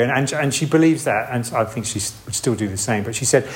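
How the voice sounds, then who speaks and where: A man's voice: medium pitch, fairly quick, few pauses. Casual male preacher, rambling sermon, mid-range voice. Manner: conversational, rambling with restarts and asides. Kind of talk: informal sermon.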